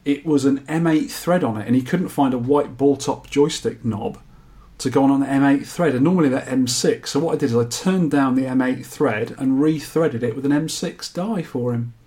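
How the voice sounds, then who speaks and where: Man, podcast host, casual, jokey, mid pitch. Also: moderate pace, warm tone. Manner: jokey, chatty, laughs at his own quips. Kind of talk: casual chat, reading listener feedback.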